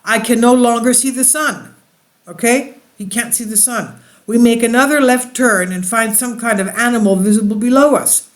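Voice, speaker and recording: A man's voice: very high voice, normal speed. A man reading a diary aloud with slips and restarts, stopping often to explain it to his listeners. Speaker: channel host reading and commenting.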